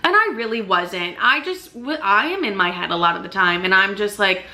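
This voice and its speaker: A young woman vlogging a casual storytime, animated and full of "like" and swearing. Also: mid-range voice, normal speed. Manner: swears a lot, animated, fills with "like".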